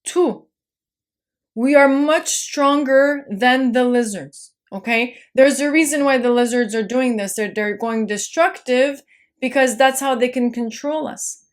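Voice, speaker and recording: A woman's voice: high voice, unhurried. A woman talking casually to camera, reassuring and insistent, with many restarts and repeated "trust me" and "okay?". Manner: frequent restarts and stammered repeats. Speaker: video host. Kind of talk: casual spoken monologue.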